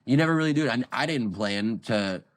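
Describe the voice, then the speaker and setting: A man in his late twenties with a raspy voice, chatting casually as a podcast guest and rambling through animated stories. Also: medium pitch, fairly quick. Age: late 20s. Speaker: guest vocalist. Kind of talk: casual chat.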